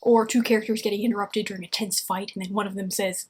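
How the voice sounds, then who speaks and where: A woman's voice: mid-range voice, fairly even intonation, fast talker, background noise. A woman giving casual writing advice to camera, chatty and wry, with plenty of "you know" fillers.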